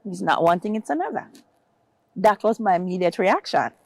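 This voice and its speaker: A woman's voice: very animated, normal speed, a little mellow, no room sound. A woman tells an emotional personal story as a guest, acting out other people's words in her own voice. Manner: acts out quoted voices, rising high for others' words.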